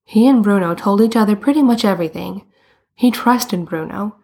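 A woman reading a story aloud as narrator, with a calm and steady delivery. Her pitch sits in the middle range, neither high nor low. She narrates without hurry. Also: normal speed, slightly rough. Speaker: audiobook reader.

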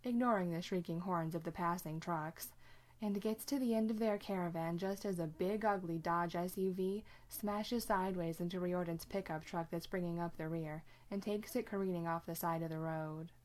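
A woman reads a story aloud with steady, even narration. Her voice sits somewhat low, and she keeps a measured flow through the action. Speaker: reader. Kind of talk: story reading.

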